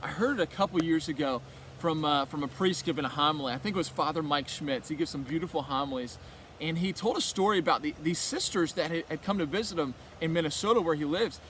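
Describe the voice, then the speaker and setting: Male retreat speaker, higher register, casual storyteller, rambling delivery with lots of quoted dialogue. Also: fast, a bit bright, slight background noise. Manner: conversational, rambling, with many restarts and quoted dialogue. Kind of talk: casual faith talk telling a story.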